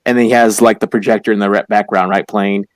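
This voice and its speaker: A low-voiced man speaking earnestly and a little haltingly in a casual discussion. He leans on fillers as he gathers his thoughts. The recording is dry and close. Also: steady tone, dry recording. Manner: earnest, hesitant, many fillers. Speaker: co-host.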